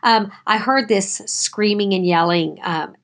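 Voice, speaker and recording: A woman school administrator tells a classroom story in an interview, her voice at an ordinary middle pitch. She speaks in an animated way and runs the story along with plenty of detail. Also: unhurried.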